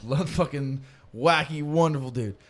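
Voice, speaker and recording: Animated young man hosting a podcast. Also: a little high, moderate pace. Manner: rambling, animated storytelling, swears freely. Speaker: podcast host. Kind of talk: casual chat.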